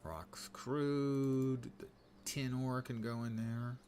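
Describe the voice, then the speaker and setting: A man's voice: mid-range voice, fairly even intonation, slow, a little mellow, a little hiss or hum. A man casually narrating his gameplay on a stream, muttering dry, wry asides to himself. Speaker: game streamer.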